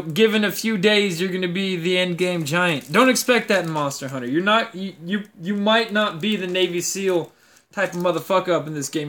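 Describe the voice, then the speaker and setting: A young man rants about games to his viewers in a loose, profane, rambling way. His voice sits high and comes out bright and forceful. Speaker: gaming video host. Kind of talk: casual rant to camera.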